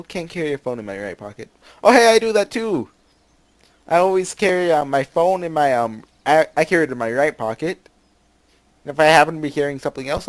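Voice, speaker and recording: A man's voice: a little high, no echo. A man hosting a let's play, reading game text aloud with commentary, laughing often and reading character lines with playful emphasis. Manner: laughs often, bursts into loud excited reactions.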